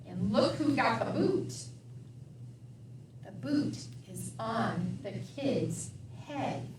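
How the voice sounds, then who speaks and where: Middle-aged woman, children's librarian at storytime; slow chanting read-aloud, recorded off mic in a roomy space. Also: a little high, lively intonation, darkish tone, distant mic, slight background noise. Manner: sing-song, animal sounds, asks children questions. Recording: echoey room, voice from off mic.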